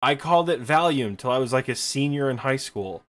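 Speaking fairly quickly in an expressive mid-range voice, a man co-hosts a podcast with a thick Michigan accent from the Midwestern US. He rambles casually, leaning on fillers and poking fun at himself.

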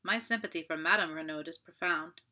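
A woman's voice: low-pitched, fairly quick, sharp tone. A woman reading a pompous French magistrate. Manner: pompous, sighing, chatty. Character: fussy self-satisfied older French magistrate, man.

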